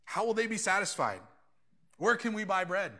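A man delivers a sermon with a bright, forceful tone pitched a little high. He talks casually with his listeners and keeps acting out quoted speakers in a lower voice. It sounds like a pastor at a church. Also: sing-song, moderate pace. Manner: conversational, drops into quoted voices.

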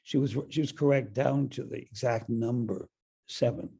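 An older man, an actor and director, telling a long anecdote in an interview, halting often with fillers and restarts. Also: mid-range voice, creaky, mellow, breathy edge.

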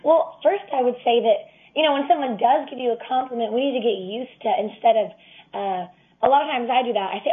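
Over a tinny phone line, a young adult woman speaks as a guest in a casual interview, sincere and encouraging as she draws on her faith. Her voice is a little high and brisk.

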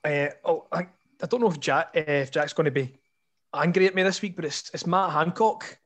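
Ranting Scottish man, higher voice. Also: fairly quick. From Scotland. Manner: animated, ranting, rhetorical asides. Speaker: podcast co-host. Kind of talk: casual chat.

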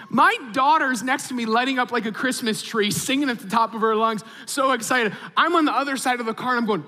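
A man in his thirties preaching a sermon as a pastor, telling a story with animated, acted-out reactions. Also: extremely high pitch, quick pace, few pauses. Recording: long hall reverb.

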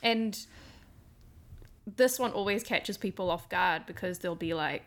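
A woman's voice: medium pitch, measured pace, fairly bright tone. A woman with a New Zealand accent, hosting a casual conversation in a reflective, earnest way.

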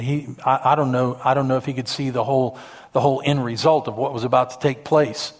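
A man's voice: mid-range voice, fairly even intonation, fairly quick. A male pastor preaching a sermon from a church stage, storytelling in an emphatic way with repetitions.

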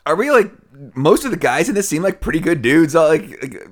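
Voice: medium pitch, very animated, fairly quick. A podcast co-host in casual chat, joking, riffing and laughing often while recapping a show. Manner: jokey, laughs often, riffs on recasting.

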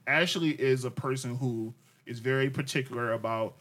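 A man's voice: mid-range voice, moderate pace, a bit bright. A man co-hosting a podcast, arguing his point in casual chat, insistent and direct, often repeating himself. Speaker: podcast co-host.

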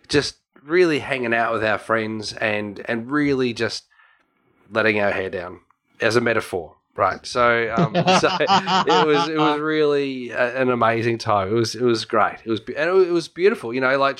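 A man with an Australian accent and a slightly bright, mid-range voice co-hosts a casual chat. He tells a long, rambling travel story, restarting often and laughing frequently.

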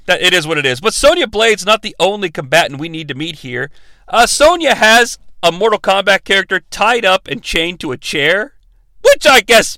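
A man's voice: high voice, gravelly, bright, forceful tone, dry recording. A young adult man hosting a sarcastic, profane comedic movie recap. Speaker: movie reviewer, host.

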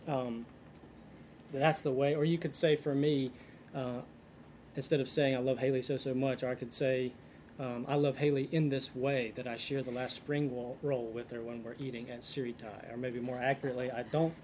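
A man's voice: mid-range voice, flat delivery, normal speed, darkish tone, slight background noise. A man leading a casual Bible study discussion. He talks earnestly, thinks aloud with frequent ums and restarts, and reads scripture passages aloud.

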